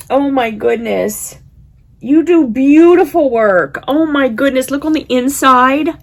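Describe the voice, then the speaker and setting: A woman's voice: high-pitched, slow. A woman vlogging casually as she unwraps gifts, gushing and exclaiming often. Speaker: quilting vlogger. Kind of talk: casual vlog, unboxing gifts.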